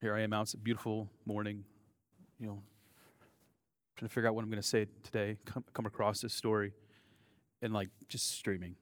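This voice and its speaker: Low-voiced pastor telling a story. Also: male voice, flat delivery, fairly quick, long pauses, no echo. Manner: conversational storytelling, candid asides. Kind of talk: sermon.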